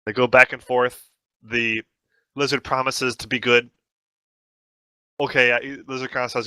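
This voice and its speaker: Bright-voiced man leading a discussion. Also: mid-range voice, normal speed, pauses often, no echo. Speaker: host leading a book discussion. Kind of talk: casual group discussion, reading passages aloud.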